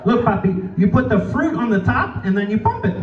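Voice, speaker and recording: A gentle, naive older Latina mother, played by a male stand-up talks in a raised, sing-song voice full of motherly endearments. The live recording is dull and distant. A room full of people roars with laughter behind her. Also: sits high, big pitch swings, a little fast, echoey room, a crowd in the background, voice pushed up. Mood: sweetly innocent. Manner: sweetly innocent, motherly, sprinkled with Spanish endearments. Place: golf club event room, live before a crowd.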